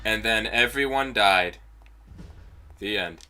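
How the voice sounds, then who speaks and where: A man's voice: fairly low pitch, takes it slowly, pushed and bright, slight background noise. A man streaming a game and commenting casually, with wry jokes and asides to himself. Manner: wry, joking, talks to himself. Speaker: let's-play streamer.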